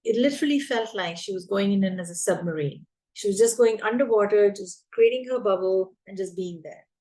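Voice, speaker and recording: A woman's voice: medium pitch, fairly quick, warm tone, low-quality recording. A woman coaching teachers, speaking emphatically and repeating her key points. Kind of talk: advice talk to teachers.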